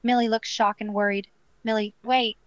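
A woman's voice: on the high side, flat delivery, normal speed, clear, resonant tone, no room sound, highs cut off, lightly acted. A voice app reading a prim British young woman. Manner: reads actions and lines aloud, prim. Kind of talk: text-to-speech chatbot roleplay.

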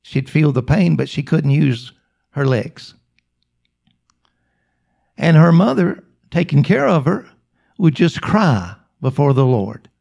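A male preacher telling a story in a sermon, his slightly high voice edged with gravel. He speaks slowly and emphatically, with short, repetitive phrases. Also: animated, a little mellow.

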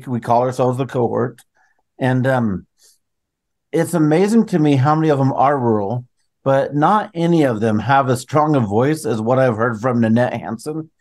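Male co-host, mid pitch, chatty and enthusiastic. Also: darkish tone. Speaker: co-host, chemistry teacher. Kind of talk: podcast co-hosting chat.

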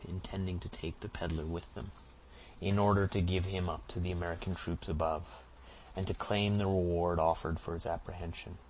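A man reads a classic novel aloud in a very low, deep voice. He narrates steadily and lifts his voice sharply for the characters' cries. A faint hiss of noise sits under the recording. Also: rough recording. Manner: dramatic reading, raising voice for shouted lines. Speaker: audiobook narrator. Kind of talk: scripted narration.

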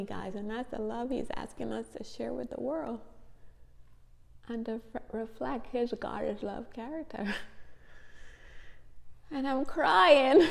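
Tearful, gravelly woman giving faith testimony. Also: a little high, darkish tone, in a large hall. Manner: heartfelt, repeats phrases, addresses viewers as guys. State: tired and tearful. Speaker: faith vlogger. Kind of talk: emotional testimony to viewers.

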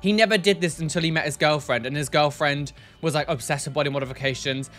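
A man's voice: on the high side, fast, fairly bright tone, soft background music. A man hosting a casual reaction video, blunt and exasperated, often sighing and repeating himself for emphasis.

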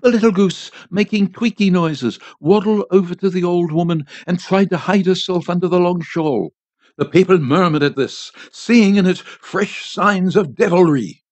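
A man reading a short story aloud in a measured, expressive way for a volunteer radio station. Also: sits high, dry recording. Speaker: volunteer reader. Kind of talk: audiobook narration. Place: home studio. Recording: dry, slightly dull home studio.

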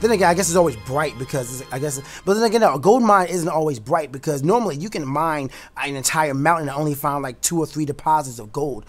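A young man giving excited, rambling commentary while playing a racing game, shouting at rivals and breaking into freestyle raps. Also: on the high side. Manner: animated, bursts into shouts and freestyle rapping, fast rambling asides. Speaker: gaming YouTuber. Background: game music.

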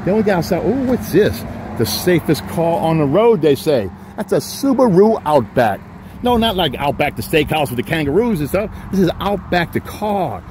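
A man pitching used cars outdoors, talking in folksy, joking salesman patter. His voice sits a bit high for a man. Faint outdoor noise hums behind him. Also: very animated, moderate pace, darkish tone. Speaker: used car dealer. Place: outdoors on a rainy car lot.

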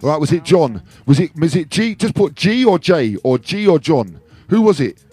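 A man's voice: on the high side, sing-song, moderate pace, dark tone, breathy edge, soft background music. A man hosting a casual video with friends, playful and laughing often, repeating phrases as he talks. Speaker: DJ and video host.

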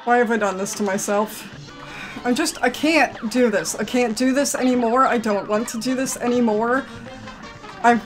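Female let's-play commentator, higher voice, irritated grumbling with flare-ups, soft game music underneath. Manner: exasperated, grumbling, swings to outbursts. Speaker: gaming commentator.

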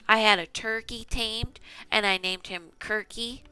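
A woman's voice: fairly high pitch, fairly even intonation, unhurried, bright, forceful tone, smooth, soft background music. A woman casually talking to herself as she plays a video game, chatty and self-mocking. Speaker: gaming channel host. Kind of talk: casual gameplay commentary.

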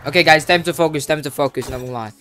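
A man giving casual gameplay commentary, chatting with other players, who breaks into sudden shouts and laughter. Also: a little high, racing, soft background music. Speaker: gaming YouTuber.

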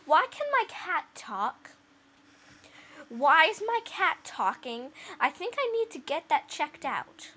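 A woman gives playful, chatty commentary while she plays a game. Her voice is high and very bright, and her quirky remarks come in quick bursts. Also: big pitch swings, low-quality recording. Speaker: let's play gamer. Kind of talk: casual gameplay commentary.

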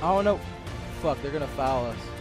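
A young man giving raging, expletive-filled commentary over his own basketball game, yelling and cursing at the players. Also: medium pitch, animated, a little fast. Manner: swears constantly, yells and curses at the game. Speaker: gaming channel host. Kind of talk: raging live gameplay commentary. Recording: game music behind the voice.

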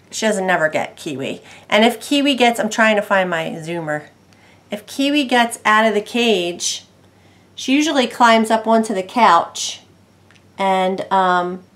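A woman chatting casually at home about her pet bird, meandering with ums and asides and talking softly to the bird now and then. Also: mid-range voice. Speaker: bird owner vlogger. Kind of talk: casual explanatory chat.

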